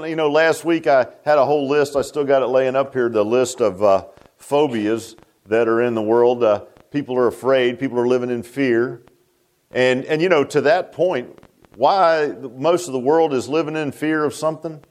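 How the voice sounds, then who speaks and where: A man's voice: mid-range voice, moderate pace, darkish tone. A middle-aged man, preaching a sermon as pastor, pressing questions with a rhetorical "huh?". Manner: preachy, rising to fervent emphasis with rhetorical "huh?".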